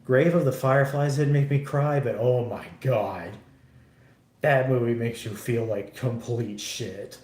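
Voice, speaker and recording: Slow-talking man in an echoey room. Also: medium pitch, a little mellow. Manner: rambling and profane, many restarts. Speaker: livestreamer. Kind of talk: casual chat while building a model kit.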